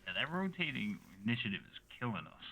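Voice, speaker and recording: A man's voice: mid-range voice, very animated, quick pace, sharp tone, poor audio. A man playing in a tabletop game over a video call, explaining things in a matter-of-fact way. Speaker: player. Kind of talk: casual tabletop game chat.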